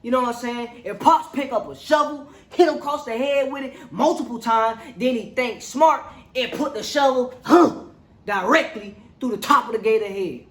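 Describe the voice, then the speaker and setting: Reviewer with a mid-pitched voice, slangy and animated plot recap, roomy echo. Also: normal speed. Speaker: movie reviewer.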